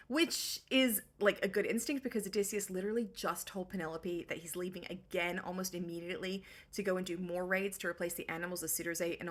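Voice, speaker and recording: A woman recapping an ancient epic in casual, comedic style, tossing in sarcastic slang and snarky asides. Her voice is bright and forceful. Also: fairly low pitch. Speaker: book recap host.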